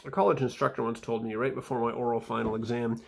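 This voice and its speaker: A man reading his own footnotes aloud in a casual vlog, dry and wry, with fillers and soft mumbled asides. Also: medium pitch, level tone, fast, gravelly, breathy edge.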